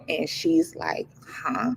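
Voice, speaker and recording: A young woman speaks as a guest in a relaxed conversation. Her voice is very low and gravelly, and she tells her story candidly and matter-of-factly. A faint hiss sits under the recording. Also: moderate pace. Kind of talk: casual chat.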